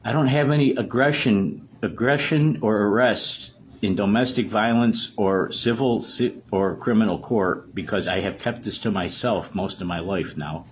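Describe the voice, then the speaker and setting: A man's voice: on the low side, moderate pace, hardly any pauses, slight background noise. A distraught man in a solo monologue, ranting in an agitated way with heavy swearing.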